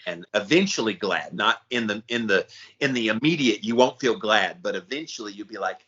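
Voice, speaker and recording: Animated, bright-voiced man co-hosting. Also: on the low side, normal speed, muffled recording. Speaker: podcast co-host. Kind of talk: casual podcast chat.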